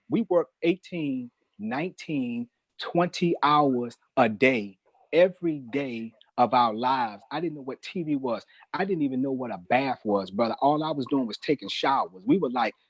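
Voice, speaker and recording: Husky middle-aged man telling his testimony. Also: mid-range voice, dry recording, rough recording. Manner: emphatic, preacher-like, addresses host as brother. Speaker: guest, newspaper manager. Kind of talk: personal testimony storytelling.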